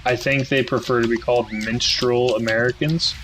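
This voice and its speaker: A man's voice: medium pitch, level tone, normal speed, fairly bright tone, slight background noise. A man who streams, joking and teasing in casual gaming voice chat over a voice chat mic.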